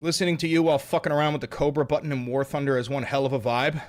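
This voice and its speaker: A man's voice: a little high, flat delivery, racing, few pauses, soft background music. A man casually chatting with viewers as a streamer, with crude, joking banter. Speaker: streamer reading chat.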